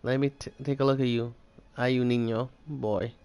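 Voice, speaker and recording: A man voicing a soothing, devout old village grandmother in a put-on Spanish accent, reading game text slowly and haltingly. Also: mid-range voice, little pitch movement, a little mellow, smooth, lightly acted. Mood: solemn, coaxing.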